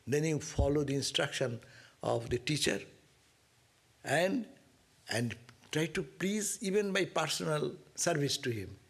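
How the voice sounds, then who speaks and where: A man's voice: fairly high pitch, lively intonation, unhurried, gravelly, pauses often, slightly rough. A man teaching a scripture class, explaining Sanskrit verses line by line and often asking "no?". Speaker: monk and spiritual teacher.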